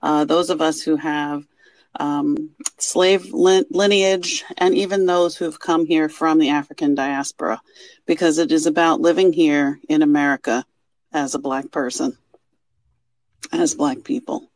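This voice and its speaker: A woman speaking in a recorded interview, measured and hesitant with fillers. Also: deep voice, steady tone, a little mellow, dry recording.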